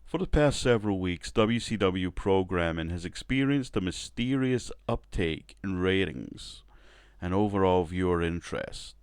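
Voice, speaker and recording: A man voicing a commanding male TV network executive in a slow, deliberate put-on accent, in a dry, close recording. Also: low voice, smooth, dry recording.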